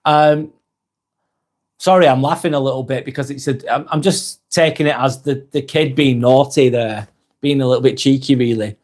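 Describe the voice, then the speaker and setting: With a mid-range voice, fairly even intonation, and a moderate pace, a British host reads viewer comments on his live stream. He answers them in a soft, sympathetic way, with light laughs.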